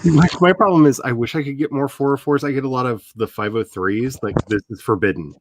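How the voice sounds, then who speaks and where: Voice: mid-range voice, brisk, no echo. A writer hosting a casual livestream, chatting in a rambling way and laughing often. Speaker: host of a writing livestream.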